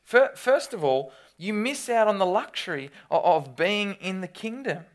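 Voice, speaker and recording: A preacher, giving a sermon with animated storytelling and quick restarts. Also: medium pitch.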